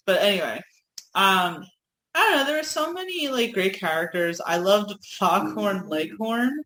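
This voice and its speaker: A woman's voice: mid-range voice, expressive, a little slow, a bit bright, echoey room, slight background noise, rough recording. A woman co-hosting a casual podcast, laughing often and swearing freely as she reminisces. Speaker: podcast co-host. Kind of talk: casual chat.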